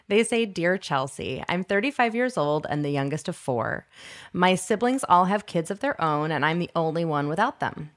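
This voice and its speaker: A woman co-host giving upbeat advice and reading out a listener letter. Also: low voice. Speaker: podcast co-host.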